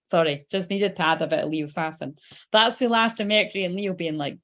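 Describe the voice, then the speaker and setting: A woman's voice: lowish voice, fairly quick, a bit bright. A Scottish woman giving a casual live tarot reading, chatty and swearing freely. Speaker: psychic tarot reader.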